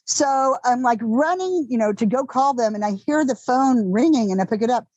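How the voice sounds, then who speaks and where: A middle-aged woman with a Texan accent telling candid, animated stories in an interview, swearing freely and acting out the people in them. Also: a little high, normal speed, no room sound, highs cut off. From Texas. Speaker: actress guest. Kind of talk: casual interview storytelling.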